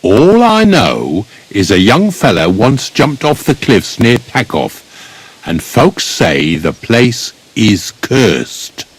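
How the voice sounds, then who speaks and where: Blunt folksy gravedigger, grumbles, bouncy intonation. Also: male voice, medium pitch, wildly swooping pitch, slow pace, breathy edge, exaggerated voice. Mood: gruff. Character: gruff older village gravedigger, blunt and grumbling. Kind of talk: video game dialogue.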